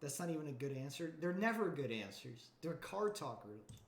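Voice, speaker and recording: Man, streamer, casual livestream chat, swears a lot, slightly high voice, echoey room. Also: big pitch swings, fairly quick. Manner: profane, rambling, talks to chat.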